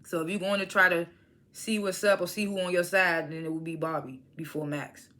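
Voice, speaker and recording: A woman recaps a TV drama in a loose, conversational way. Her voice sits a little low but sounds bright and forward. She slips into the characters' lines as she goes. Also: a little fast. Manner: animated retelling, acts out characters' lines, frequent laughs. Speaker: TV episode reviewer. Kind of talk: casual recap vlog.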